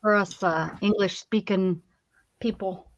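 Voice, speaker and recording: A woman's voice: medium pitch, steady tone, unhurried, highs cut off. An American woman hosting an art stream, chatting casually and laughing often while she crafts. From United States.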